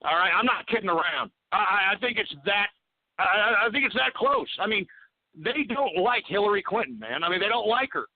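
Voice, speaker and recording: Taking calls on his talk radio show, a man rants angrily and curses freely. His high-sitting voice is animated and fairly quick, with no room sound but a tinny, phone-like quality.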